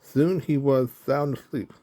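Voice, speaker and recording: A man narrating a children's storybook in a slow, even reading. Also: medium pitch.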